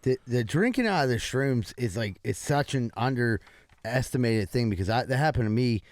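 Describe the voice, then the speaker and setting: A man's voice: medium pitch, lively intonation, brisk, no echo. A young man co-hosting a podcast, telling a laid-back story in casual chat and swearing as he goes. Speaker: podcast co-host.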